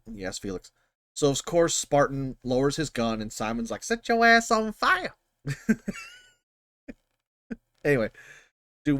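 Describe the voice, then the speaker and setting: A man talks through a film scene in relaxed, rambling commentary, his voice rising and falling in a lively way. He swears freely and circles back on his words. The sound is close and dry, with almost no room echo. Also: mid-range voice. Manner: rambling, profane, animated. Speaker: channel host. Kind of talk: casual explanatory commentary.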